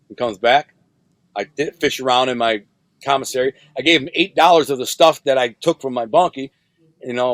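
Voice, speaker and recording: A man's voice: medium pitch, no room sound. A middle-aged man from Michigan, a podcast guest, telling a story in casual, slangy speech and acting out what people said. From Michigan, United States. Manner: slangy, retells scenes by acting out quoted dialogue.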